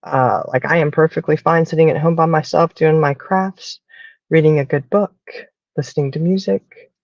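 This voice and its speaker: A Southern American woman talks in a relaxed, chatty way, like she is telling a story to friends. Her voice has a gravelly edge and sits in the middle of the range. The recording is dry and a little dull. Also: sits low, moderate pace, no room sound. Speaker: podcast host. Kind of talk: casual chat.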